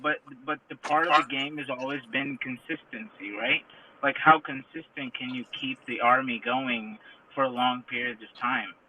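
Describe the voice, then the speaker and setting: A man in a casual debate in an online audio room, halting and lecturing, full of restarts. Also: mid-range voice, steady tone, bright, forceful tone. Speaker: crypto commentator in audio chat room. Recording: tinny phone line with faint noise.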